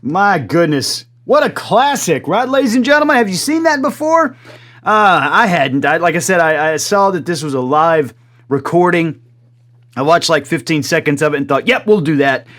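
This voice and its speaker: A man in his forties hosts a music reaction video. His voice is fairly high for a man. He talks in an animated, excitable way and swears casually as he comments. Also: moderate pace. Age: 40s.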